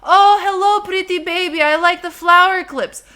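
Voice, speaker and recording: A woman's voice: extremely high pitch, fairly even intonation, moderate pace, bright, forceful tone, voice pushed up. A woman imitating her friendly, doting older Romanian father with a Romanian accent, in a gushing sing-song way.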